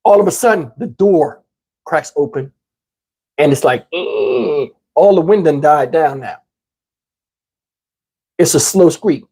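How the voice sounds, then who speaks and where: Man, storyteller, husky voice, animated, casual. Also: a little high, a little slow, long pauses. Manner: animated, acts out characters. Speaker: channel host.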